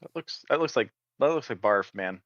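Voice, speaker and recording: A man's voice: medium pitch, animated, moderate pace, fairly bright tone, no room sound, highs cut off. A man co-hosting a stream, bantering casually and stumbling over his words. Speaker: co-host.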